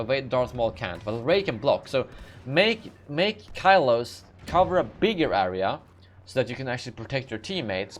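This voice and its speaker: A man's voice: mid-range voice, a little hiss or hum. A young man hosting a live gaming Q&A, reading out chat questions and answering in a sleepy, rambling way with many fillers and self-corrections. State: sleepy, yawning. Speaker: gaming channel host.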